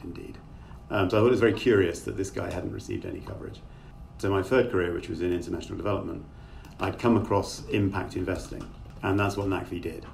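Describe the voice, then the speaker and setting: Man, middle-aged, author guest, very low voice, thoughtful and rambling, distant call mic. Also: vocal fry, darkish tone. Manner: thoughtful, rambling, with many fillers. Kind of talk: conversational interview over a video call. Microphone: remote call microphone. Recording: distant mic with faint noise.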